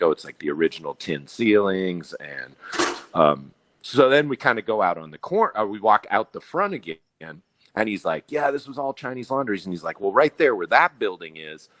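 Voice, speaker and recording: A man from Montana, co-hosting a podcast, tells a rambling, animated story in casual chat and acts out the dialogue. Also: sits low, no room sound. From Billings, Montana, USA. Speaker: podcast co-host.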